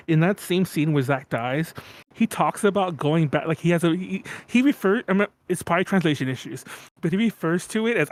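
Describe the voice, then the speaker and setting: A man co-hosting a casual podcast, ranting quickly and laughing often. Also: on the high side, expressive, no echo. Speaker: podcast co-host.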